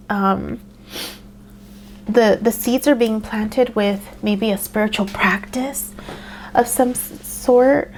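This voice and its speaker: A woman giving a casual tarot reading, talking in a meandering way with frequent ums and soft laughs. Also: on the high side, slight background noise. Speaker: tarot reader.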